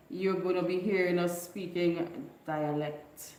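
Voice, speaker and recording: A woman's voice: lowish voice, normal speed, hardly any pauses, darkish tone, reverberant, low-quality recording. A woman from Bequia with a mixed Vincentian, Trinidadian and Grenadian accent, hosting a casual live chat and teaching local dialect phrases to her viewers. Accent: Vincentian with Trinidadian and Grenadian traces. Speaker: livestream host.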